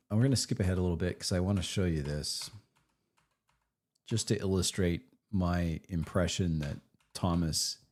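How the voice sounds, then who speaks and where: On a live stream, a man with a low, slightly mellow voice reacts to and critiques a recorded game session. His commentary rambles, and he frequently restarts his sentences.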